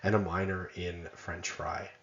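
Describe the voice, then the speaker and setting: A man's voice: sits low, level tone, unhurried, fairly bright tone, reverberant, muffled recording. A man giving a conversational college lecture, often checking in with "right?" and making self-deprecating asides.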